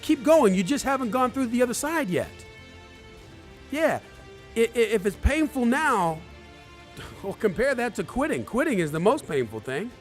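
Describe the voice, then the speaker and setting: Guy doing a live hype talk, high voice, keeps hammering the same phrase, faint music under it. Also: very animated, normal speed, pauses often. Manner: emphatic, repeats key phrases; addresses viewers directly. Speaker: motivational speaker.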